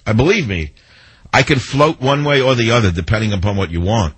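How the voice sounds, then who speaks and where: A man's voice: lowish voice, brisk, slightly rough, dry recording, low-quality recording. A man hosting a talk radio show, telling sarcastic stories and mimicking the people in them. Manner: sarcastic, storytelling with mimicked quotes. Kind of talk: monologue to listeners.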